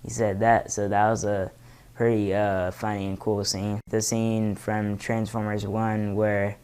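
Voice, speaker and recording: A man's voice: on the low side, little pitch movement, a little slow, darkish tone, smooth. A man casually recapping movie scenes, rambling with many fillers. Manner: loose, filler-heavy storytelling. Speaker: impressions vlogger.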